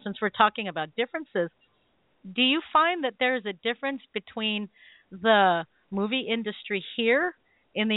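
A woman's voice: medium pitch, dry recording. A woman hosting a radio talk show; she chats in a storytelling way and laughs often. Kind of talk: radio interview. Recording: dry, tinny phone line.

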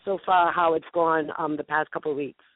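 A woman's voice: low-pitched, fairly even intonation, brisk. A woman with a Boston accent hosting a call-in interview, chatty and teasing. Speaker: radio show host. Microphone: phone. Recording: tinny phone line.

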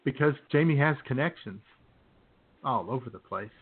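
A man's voice: mid-range voice, expressive, normal speed, slightly rough. A man hosting a comedy radio show, rambling casually with lots of fillers. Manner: laid-back, rambling, many fillers. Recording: phone-like narrow sound.

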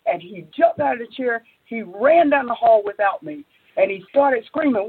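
A woman entrepreneur, interviewed as a guest, tells a story with animation, acting out quotes and rising high when excited, with many restarts. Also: moderate pace. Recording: phone-like narrow audio.

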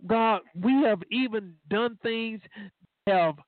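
A man's voice: high-pitched, slow pace, no echo. A man preaching a sermon, telling folksy stories with many fillers, then leading a prayer that keeps returning to the word God. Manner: repeats "God" as a refrain while praying. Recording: dry, tinny phone-line sound.

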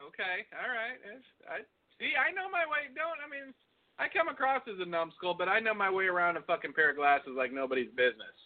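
A man's voice: high voice, lively intonation, fairly quick. A middle-aged man co-hosting a casual chat over the phone, laughing often and swearing freely. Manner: laughs often, loose and profane. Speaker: podcast co-host. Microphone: phone call. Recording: tinny phone line.

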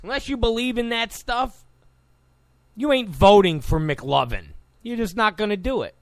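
Animated, high-pitched male commentator. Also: normal speed, no room sound. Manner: combative, mocks opponents in quoted voices. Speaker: political commentator. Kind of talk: opinionated talk commentary.

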